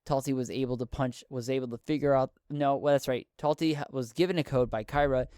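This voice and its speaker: A man's voice: medium pitch, steady tone, a little fast, darkish tone, clear, resonant tone, no room sound, studio quality. A man narrating and running a solo tabletop game in a casual, rambling way, often restarting his sentences.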